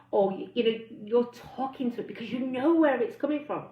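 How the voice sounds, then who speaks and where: A woman's voice: a little high, a little fast, hardly any pauses. A woman weight-loss coach giving a chatty live online talk, reading out comments and acting out inner voices. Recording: roomy, slightly dull sound.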